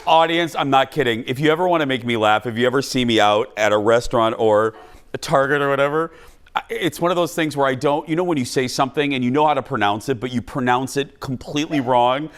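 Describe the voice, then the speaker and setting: A man's voice: mid-range voice, quick pace, clear, resonant tone. A man hosting a talk show, telling jokey stories to a studio audience. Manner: animated, jokey storytelling.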